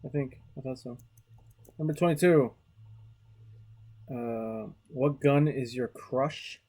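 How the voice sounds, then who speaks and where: This is a relaxed artist chatting casually while drawing. The voice is dark and mellow, and sits in the middle of the pitch range. They ramble along, swear freely, and restart their sentences. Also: slow pace, breathy edge. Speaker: artist hosting a drawing video.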